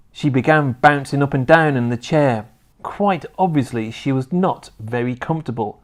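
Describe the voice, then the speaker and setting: A man reading a children's book aloud in an expressive storytelling manner. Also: medium pitch, moderate pace.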